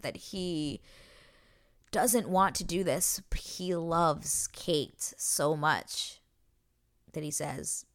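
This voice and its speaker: A woman with a low voice hosts a casual podcast recap. She gushes and rambles with plenty of fillers, emotional about every scene she retells. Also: fairly bright tone. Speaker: podcast host. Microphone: podcast microphone.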